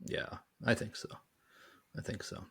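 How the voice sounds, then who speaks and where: A man's voice: a little slow, fairly bright tone. A man co-hosting a podcast and chatting casually about a movie, jokey and prone to trailing off. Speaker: podcast co-host. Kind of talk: casual movie review chat.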